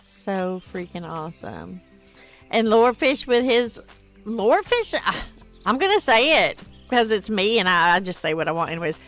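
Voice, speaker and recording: A woman's voice: mid-range voice, big pitch swings, moderate pace, fairly bright tone, faint music behind. A tired woman streaming a game, chatting casually and reading viewer comments aloud. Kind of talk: casual gameplay stream chat.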